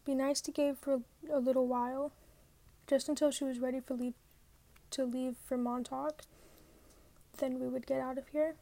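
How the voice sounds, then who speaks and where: A woman with a high, warm voice reads a novel aloud in the first person as an amateur audiobook narrator. Her delivery is flat at normal speed with frequent pauses, and she occasionally stumbles and corrects herself.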